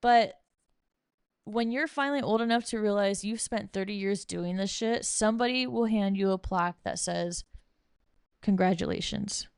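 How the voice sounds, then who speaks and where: A woman's voice: mid-range voice, moderate pace, clear, resonant tone, no room sound, clean studio sound. A young woman hosting a podcast, ranting casually and bluntly with lots of swearing and sarcasm while reading from bullet points. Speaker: podcast host.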